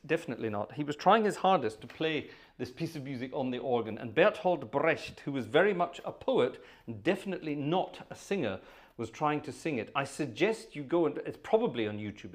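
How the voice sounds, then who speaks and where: Chatty man hosting an organ livestream. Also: on the high side. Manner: chatty, joking, rambling with many ums. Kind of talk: casual chat between pieces. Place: home with organ, family nearby.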